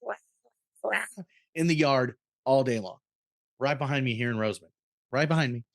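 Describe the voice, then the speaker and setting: A man's voice: mid-range voice, normal speed, gravelly, no echo, studio quality. A man co-hosting a podcast in casual chat, loose and profane, stopping to explain things to a co-host.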